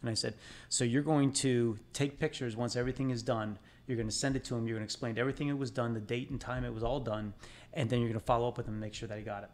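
A man's voice: mid-range voice, fairly even intonation, fast. A man who works as a builder, a guest on a podcast, retelling a story as back-and-forth dialogue in casual chat. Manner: retells conversations as quoted dialogue.

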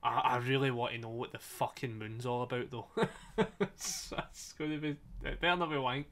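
Sweary, laughing streamer with a bright voice. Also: male voice, medium pitch, moderate pace. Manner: swears a lot, banters with chat, laughs often. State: slightly strained voice. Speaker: streamer playing a story game. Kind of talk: casual live-stream commentary. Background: faint game soundtrack music.

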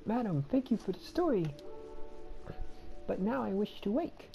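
A proud young princess speaks firmly and formally, as a woman reads her lines in a slightly raised voice. The tone is dark and gravelly, with faint music underneath. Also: medium pitch, animated, moderate pace, dull audio, voice pushed up. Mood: insistent.

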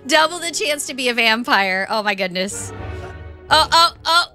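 A woman streamer giving excitable live commentary on a game, laughing often and exclaiming over what happens on screen. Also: high-pitched, takes it slowly, faint music behind. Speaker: Twitch streamer.

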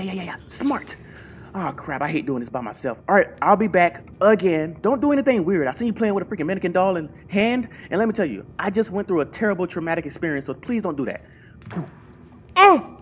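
A man playing a horror game with commentary, swearing a lot and yelping and shouting when startled, chatting to his game companion. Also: fairly high pitch, a little hiss or hum. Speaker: gaming channel host.

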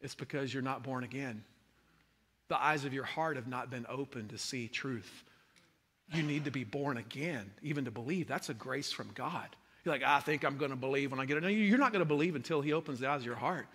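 A man preaching a sermon as a pastor, swinging from hushed tones to impassioned shouting. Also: medium pitch, a little fast, husky. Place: large church hall. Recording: long hall reverb.

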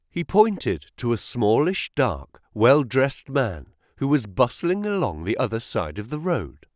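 A man's voice: mid-range voice, huge pitch swings, measured pace, no room sound, studio quality. A man reading a classic detective story aloud as narrator, voicing each character. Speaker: audiobook narrator.

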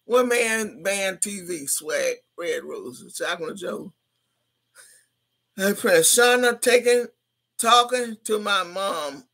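A woman in her sixties hosts a livestream, reading viewer comments aloud in a brash, foul-mouthed manner and laughing frequently. Her voice is medium-pitched and fairly bright, with lively intonation and a slow pace.

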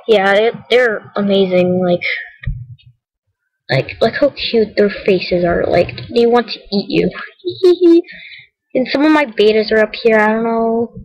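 A woman's voice: fairly high pitch, rough recording. A young female vlogger giving casual, rambling commentary while showing her game, often correcting herself, and saying she is tired and cold. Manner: chatty, rambling, self-correcting, giggly. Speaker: gaming vlogger.

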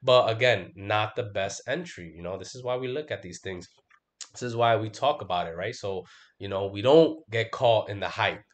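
A middle-aged man hosts a trading livestream in a lowish voice at normal speed, emphatic and casual. He swears constantly, tosses in lots of "bro" and "right?", and sometimes mimics his own panicked outbursts.

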